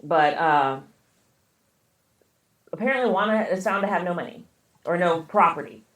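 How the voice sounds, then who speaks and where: A woman's voice: lowish voice, moderate pace, a bit bright, roomy sound. A woman co-hosting a podcast, casually retelling a story with lots of fillers and swearing. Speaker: podcast co-host. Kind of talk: casual chat.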